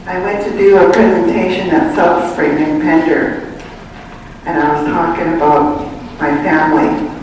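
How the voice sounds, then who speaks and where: A Tsawout First Nation woman from Canada tells family stories as a community speaker, unhurried and often repeating her words. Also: on the low side, fairly even intonation, a little mellow, a little hiss or hum. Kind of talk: personal storytelling testimony. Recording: echoey hall, voice from far off.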